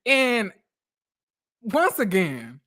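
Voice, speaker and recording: A woman giving blunt, profane, animated commentary as she recaps a reality TV episode. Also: medium pitch, drawn-out words, a little hiss or hum.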